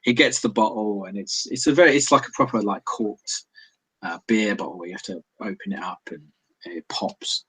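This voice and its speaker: A man's voice: on the low side, moderate pace, fairly bright tone, breathy edge, poor audio. A man narrating a tabletop role-playing game as game master, with many fillers and restarts. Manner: hesitant, many fillers and restarts, laughs often.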